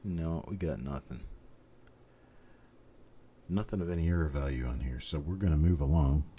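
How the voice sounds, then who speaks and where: A deep, low-pitched middle-aged man talks through a live stream in a calm, methodical way. He greets viewers by name between observations. A faint hiss sits under the recording. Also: normal speed. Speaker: host. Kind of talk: live coin-examining stream chat.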